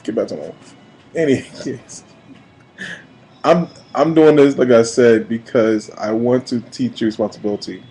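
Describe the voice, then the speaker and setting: A man in his late thirties from New York, giving an emphatic, preachy personal video message that swings between quiet and loud. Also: mid-range voice, normal speed, low-quality recording. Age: 30s. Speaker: vlogger.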